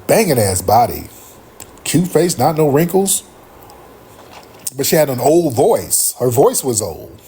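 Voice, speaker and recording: A middle-aged man hosting a livestream, telling a comic story in a rambling, profane, animated way. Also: mid-range voice, slow pace, long pauses, slightly rough. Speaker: livestream host.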